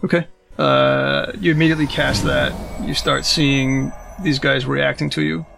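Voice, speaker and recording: Gravelly-voiced game master. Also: male voice, mid-range voice, level tone, music in the background. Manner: halting, full of fillers. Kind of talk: narrating a tabletop game.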